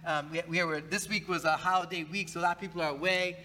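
A man's voice: a little high, steady tone, quick pace, sharp tone, poor audio. A male pastor preaching a conversational sermon in church, talking casually, often repeating words and asking the congregation questions.

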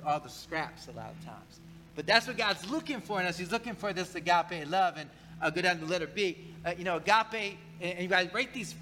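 A man's voice: on the high side, noisy background. A male pastor preaching a conversational sermon in church, talking casually, often repeating words and asking the congregation questions.

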